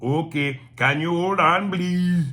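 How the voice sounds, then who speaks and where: Man putting on a flustered customer-service agent, Indian accent, high strained pleading voice, bright forceful tone. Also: takes it slowly.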